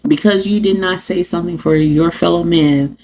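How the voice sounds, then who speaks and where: A woman podcast host, talking to her live viewers in an animated, sarcastic way and laughing often. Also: on the low side, moderate pace, slight background noise. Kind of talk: live-streamed rant to viewers.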